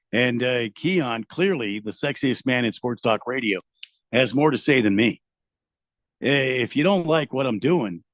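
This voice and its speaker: Male sports radio host, gravelly, rambling, self-deprecating; close dry studio sound. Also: medium pitch, no room sound. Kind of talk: casual radio banter.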